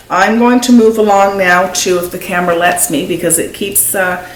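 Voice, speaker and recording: A woman's voice: medium pitch, moderate pace. An older woman in her seventies hosting a knitting video, chatting casually and rambling as she shows her projects. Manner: chatty, rambling, easily sidetracked. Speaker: knitting podcast host. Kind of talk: casual show-and-tell chat. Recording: echoey room.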